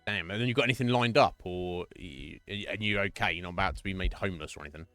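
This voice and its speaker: A man streaming live and chatting casually with viewers, chatty and profane and quick to laugh, from a home setup. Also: sits low, a bit bright, no echo, faint music behind. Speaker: Twitch streamer.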